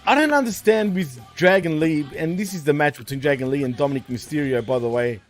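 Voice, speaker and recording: A man's voice: a little high, a little fast, faint music behind. An Australian man co-hosting a casual wrestling chat show, laughing often and swearing loosely, with "man" and "bro" in nearly every sentence. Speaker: co-host.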